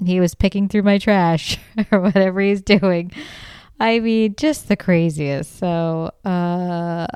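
Middle-aged woman, comedy podcast host, unhurried rambling storyteller, smooth dry close-mic sound. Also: lowish voice, darkish tone, no echo. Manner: chatty, rambling, with frequent fillers and laughs; blunt and profane.

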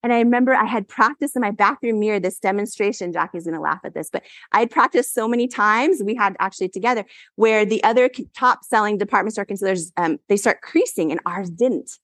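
A woman in her forties giving a motivational keynote on stage, telling stories with animated delivery and frequent laughter. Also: mid-range voice, quick pace, no room sound. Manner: animated, laughs often, acts out quotes. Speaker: keynote speaker. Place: event stage.

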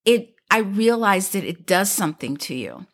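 A woman's voice: mid-range voice, big pitch swings, normal speed, fairly bright tone, breathy edge. A woman hosting a podcast, chatting casually and playfully with her guest and listeners. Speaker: podcast host. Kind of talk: casual interview chat.

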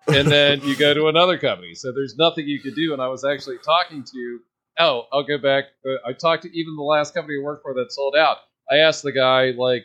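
As a podcast guest, a man rants casually in a mid-range, bright, pushed voice at a quick pace. He rambles through his story, restarting often with lots of fillers and laughing at his own asides.

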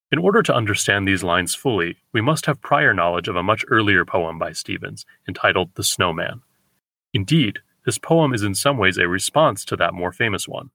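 A man hosting a poetry podcast, giving a measured, explanatory lecture on verse and slowing down to read lines aloud. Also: sits low, expressive, vocal fry, bright, forceful tone, dry recording.

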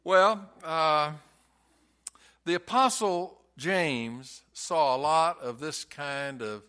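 A man preaches a Sunday sermon at an unhurried, deliberate pace. His voice is bright and clear and sits a little high. He presses each point by repeating it. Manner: slow, emphatic preaching with repeated phrases. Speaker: pastor.

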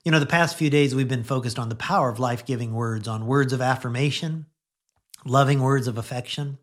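A middle-aged man giving a conversational radio sermon, chatting gently and laughing now and then, then leading a prayer. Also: mid-range voice, a little fast. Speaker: pastor.

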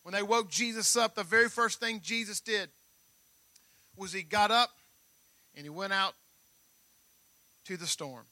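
A male pastor delivering a sermon in a high, bright, sharp voice. His preaching is emphatic and leans on repeated phrases. The sound is close and dry. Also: a little slow, long pauses, no room sound.

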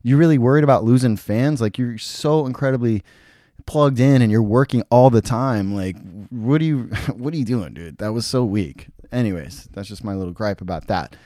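A man's voice: mid-range voice, normal speed, dark tone, dry recording, studio quality. A man hosting a podcast alone, giving blunt, opinionated reviews of TV shows in casual talk and swearing freely. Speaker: podcast host.

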